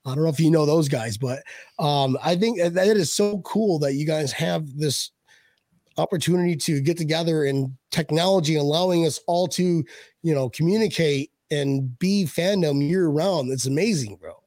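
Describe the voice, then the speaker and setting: Male podcast host, excitable and rambling, slightly high voice, dry sound. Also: normal speed, dry recording. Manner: excitable, laughs often, stumbles over words. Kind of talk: casual chat.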